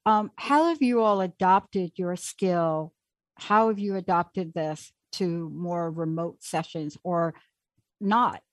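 A woman hosting a call-in talk show, talking in an animated, chatty way and taking callers. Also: on the low side, slow pace, no echo. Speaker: host.

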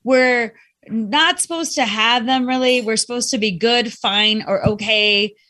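A woman with a high, light voice speaks in a reflective, conversational way. She explains her points with lively emphasis. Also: measured pace. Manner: reflective, animated with quoted voices. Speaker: guest speaking on emotions.

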